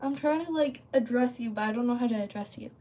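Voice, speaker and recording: A young-sounding woman with a slightly raised pitch talks casually to her livestream audience. She wanders off topic, fills pauses with ums and likes, and keeps pausing to respond to viewers' messages. It sounds like a device mic in a casual setup. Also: warm tone. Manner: rambling, filler-heavy, often breaks off to read and answer chat. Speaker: livestream host.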